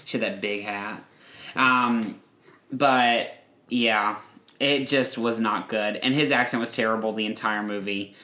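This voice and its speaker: A man's voice: fairly low pitch, measured pace. A man hosting a podcast, chatting and gossiping as he reviews a movie. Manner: chatty, gossipy, animated storytelling. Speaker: podcast host. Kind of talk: casual chat, movie review. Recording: echoey room.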